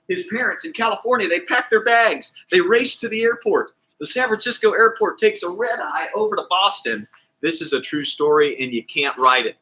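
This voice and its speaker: A man's voice: high-pitched, rough recording. A man coaching a kids' PE class, telling a story with lots of energy and acting out the characters. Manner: energetic, theatrical, plays voices of characters. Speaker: kids PE coach. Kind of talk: animated storytelling to kids.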